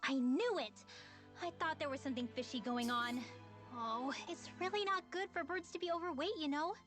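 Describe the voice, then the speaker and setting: A woman's voice: high-pitched, moderate pace, fairly bright tone. An actress voicing a young woman mage in a video game who dotes on her pet owl and fusses over him. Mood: fussing. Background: faint game music.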